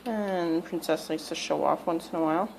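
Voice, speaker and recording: A woman's voice: low voice, moderate pace, creaky, a little mellow, slight background noise, poor audio. A woman at home talking to her pet parrots and narrating, often cooing in baby talk to them. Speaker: pet vlogger.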